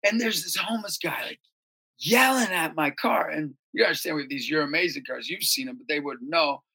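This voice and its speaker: Excitable gravelly-voiced man telling stories. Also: brisk. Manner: excitable, breaks into shouting and high acted voices in stories. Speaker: ministry leader and basketball coach. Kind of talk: animated storytelling interview.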